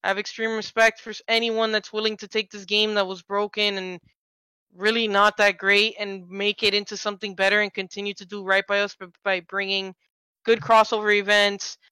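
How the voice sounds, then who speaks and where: A woman co-hosting a game podcast in a casual, eager ramble, full of quick asides. Her voice is bright and crisp. It sounds dry and close, with no room echo. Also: medium pitch, little pitch movement. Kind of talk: casual game-discussion chat.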